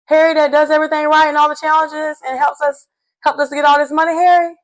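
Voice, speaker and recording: A woman voicing a gushing young woman in a high, squealing, disbelieving tone. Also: little pitch movement, quick pace, natural voice. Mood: incredulous gushing.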